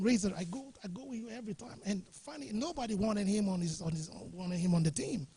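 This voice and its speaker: A man's voice: sits high, a little fast, hardly any pauses, crowd noise. A middle-aged man from Ghana, telling jovial anecdotes and chuckling as he speaks. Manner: jovial storyteller, chuckling often. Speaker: guest speaker. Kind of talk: anecdotal talk to a workshop audience. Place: studio or workshop room.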